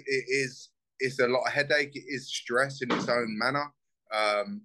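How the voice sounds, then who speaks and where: A young bare-knuckle fighter from South East London with a South London accent speaks in a casual interview. His voice is bright and forceful. He talks bluntly, swears freely and gets heated. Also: mid-range voice, rough recording.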